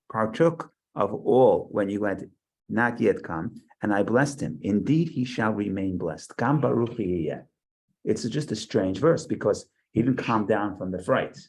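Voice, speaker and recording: A man's voice: fairly low pitch, darkish tone, low-quality recording. A man teaching a Bible study class over a video call, thinking aloud with frequent restarts and asides. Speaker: Torah teacher.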